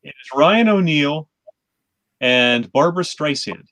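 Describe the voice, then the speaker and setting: A man's voice: fairly high pitch, expressive, slow, a bit bright, no room sound. A man at an online movie night, giving dry, knowing remarks about films. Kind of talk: casual group chat.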